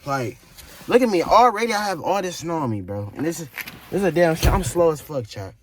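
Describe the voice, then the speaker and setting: A young man vlogging on his phone through a snowstorm and in his car, talking straight to his viewers in a profane, excitable way. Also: fairly high pitch, brisk. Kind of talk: casual vlog talk to viewers. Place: outdoors and in a car during a snowstorm. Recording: noisy storm and car sound.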